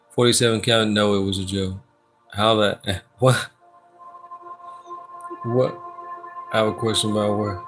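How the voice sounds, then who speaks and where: A relaxed man, hosting a livestream and chatting with viewers. His voice sits a little low, and soft music plays faintly behind him. He talks in a loose, joking, slangy way. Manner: laid-back, joking, slangy, reads chat aloud. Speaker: livestream host doing personal readings. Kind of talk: casual livestream chat reading comments.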